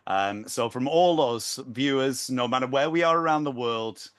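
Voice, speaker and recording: A man with a middle pitch co-hosts a casual interview. He speaks earnestly and deliberately, building his points one after another. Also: fairly bright tone, clean tone. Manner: earnest, measured praise. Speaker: podcast co-host.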